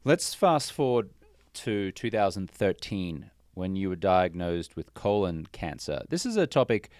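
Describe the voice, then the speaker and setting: Deep, smooth-voiced male podcast host. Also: very animated, a little mellow, no echo, studio quality. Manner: thoughtful, measured questions with personal asides. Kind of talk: interviewing a guest.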